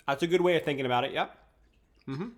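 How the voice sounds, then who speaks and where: A man's voice: on the high side, fast talker, a little hiss or hum. A young man coaching a video game on a live stream, chatting casually and answering viewers' questions while he eats. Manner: relaxed, answers chat questions while eating.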